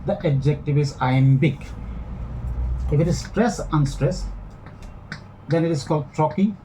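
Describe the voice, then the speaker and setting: A man giving a classroom lecture, speaking in a measured way that repeats and rephrases each point. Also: fairly high pitch, dark tone, slight background noise, rough recording. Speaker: English literature lecturer.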